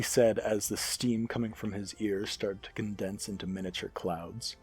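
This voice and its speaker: A man narrating a science fiction story with an expressive, animated reading. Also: fairly low pitch, normal speed, hardly any pauses, breathy edge, no room sound, faint music behind.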